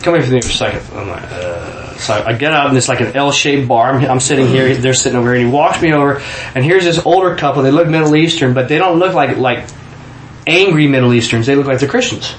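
A man's voice: mid-range voice, quick pace, reverberant, a little hiss or hum, low-quality recording. A man from Kansas telling a personal testimony in a casual storytelling way, acting out the quoted voices with frequent restarts. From Kansas, USA.

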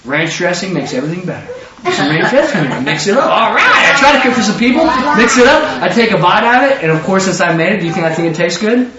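A man preaching a lively sermon with call-and-response, acting out quotes in different voices. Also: high voice, fast talker, very noisy. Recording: echoey room, distant mic, dull sound.

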